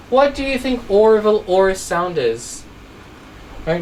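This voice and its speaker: A woman's voice: mid-range voice, animated, slow pace, distant mic, slight background noise, poor audio. A woman teaching a child English phonics, telling a story and asking patient questions. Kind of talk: online phonics lesson for a child.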